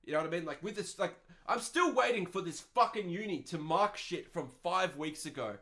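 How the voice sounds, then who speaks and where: A man in his twenties with an Australian accent, ranting on his podcast. His voice sits a little higher than most men's, and he swears freely in an exasperated, sarcastic tone. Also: lively intonation, moderate pace, bright, forceful tone. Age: 20s. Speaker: podcast host.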